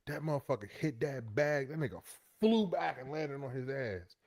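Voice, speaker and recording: A man's voice: mid-range voice, expressive, moderate pace, darkish tone, no room sound, studio quality. A man co-hosting a casual comedic chat, swearing freely and trading banter. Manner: profane, laughing banter. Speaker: podcast co-host.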